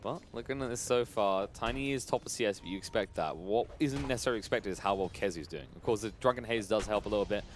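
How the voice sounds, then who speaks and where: A man calling an esports match play-by-play, rattling off the action and climbing louder as fights break out. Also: lowish voice, background noise. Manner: rapid play-by-play that climbs loud during fights. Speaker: esports commentator. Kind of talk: play-by-play commentary.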